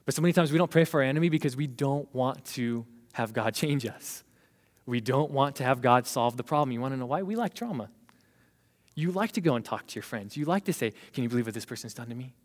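A young man in his twenties preaching a lively sermon as a youth pastor, laughing now and then and acting out what people say. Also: medium pitch, fairly quick. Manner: animated, laughs while preaching, acts out quoted voices. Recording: long hall reverb.

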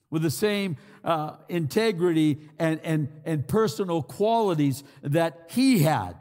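A man preaching a sermon, earnest and pleading, repeating himself as he builds his points. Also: high voice. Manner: slow, earnest, pleading with many repetitions. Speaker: pastor. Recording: long hall reverb.

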